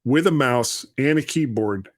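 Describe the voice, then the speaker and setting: A man's voice: mid-range voice, a little slow. A man with a London accent hosting a podcast, chatty and self-deprecating in casual talk. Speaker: podcast host. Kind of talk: casual chat.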